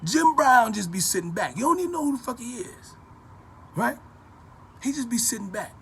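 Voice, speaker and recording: Gravelly, animated man ranting profanely. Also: very high voice, normal speed, a little hiss or hum. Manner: loud, preachy, profane, repeats himself. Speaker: vlogger. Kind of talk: profane rambling rant to camera.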